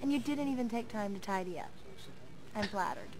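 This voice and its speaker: A woman's voice: medium pitch, lively intonation, brisk, crowd noise, natural voice. An actress playing a catty, sweetly sarcastic young woman in a 1990s game video. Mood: mocking.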